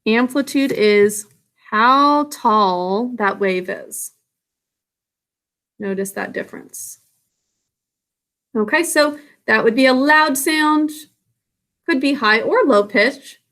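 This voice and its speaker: A woman's voice: on the high side, slow, long pauses, a bit bright. Woman teacher explaining step by step. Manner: patient, explains step by step with fillers. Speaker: science teacher. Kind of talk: recorded classroom lesson.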